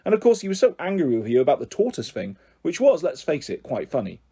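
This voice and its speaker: Brief: man reading a fussing storybook mum, lively and mellow-toned. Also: a little high, fast, slightly rough, full character voice. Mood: chatty. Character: exasperated mum, adult woman, chatty. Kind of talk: audiobook character voice.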